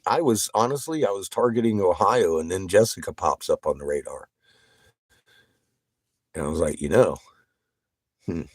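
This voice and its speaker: A lower-pitched man talking to his stream viewers, swinging his voice up and down with a lot of energy. He swears freely and keeps breaking into laughter. The sound is dry and close, with no room echo. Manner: profane, excitable, laughs often. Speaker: livestreamer. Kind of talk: casual livestream chat with viewers.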